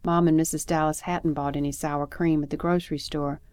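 A woman reading a first-person story aloud in a calm, measured narration style. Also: low-pitched, clear, resonant tone, no echo, faint music behind. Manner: calm, measured storytelling with lively acted dialogue. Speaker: audiobook narrator.

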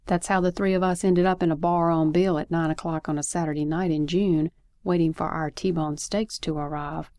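A woman reading her own story aloud, expressive and lively, with asides. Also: low-pitched, fairly quick, no echo, clean studio sound.

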